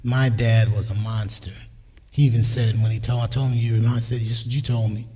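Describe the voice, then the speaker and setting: A man's voice: medium pitch, flat delivery, brisk, warm tone, husky. A man in his sixties giving a church talk on parenting, telling family stories and acting out their lines. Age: 60s. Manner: anecdotal, quotes family in his own voice. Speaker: speaker at a church. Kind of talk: sermon on parenting. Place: church sanctuary. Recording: reverberant church hall.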